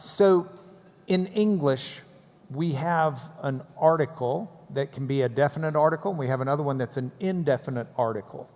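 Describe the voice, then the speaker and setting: A man's voice: fairly high pitch, moderate pace, darkish tone. A man hosting and teaching, pointing things out and prompting his guests with questions. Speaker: host and moderator. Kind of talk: teaching a class. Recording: echoey hall.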